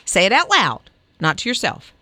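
A woman's voice: medium pitch, wildly swooping pitch, moderate pace, sharp tone, no echo. A woman co-hosting a morning radio show, bubbly and coaxing, laughing often as she banters.

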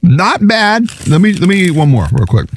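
A man's voice: quick pace, slight background noise. A man hosting a show, talking casually to listeners and laughing often while eating chips. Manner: chatty, laughs often, lively pitch swings. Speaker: show host.

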